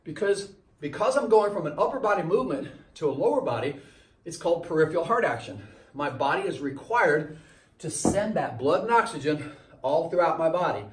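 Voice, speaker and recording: A man's voice: fairly high pitch, lively intonation, a little fast. A man coaching a circuit workout while doing the exercises, a little winded, giving repeated cues on form and timing. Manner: coaching, repetitive cues, demonstrating as he talks. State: slightly winded. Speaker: fitness trainer. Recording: echoey room from a distance.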